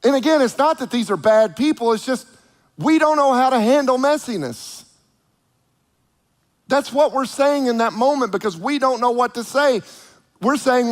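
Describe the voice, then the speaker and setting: A man preaching a sermon in an animated way, acting out the voices of the people he quotes. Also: very high voice, moderate pace, long pauses, long reverb tail.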